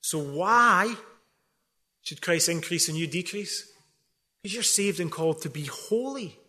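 A high-voiced man preaches with a bright, sharp edge to his tone. He drives his points home through rhetorical questions and slips in dry, joking asides. The delivery is that of a pastor in full sermon. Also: expressive, unhurried. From not from England.

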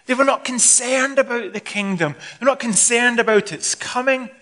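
A Scottish man preaching a sermon in a conversational, expressive way, acting out the scenes he describes. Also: very high-pitched, normal speed. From Scotland.

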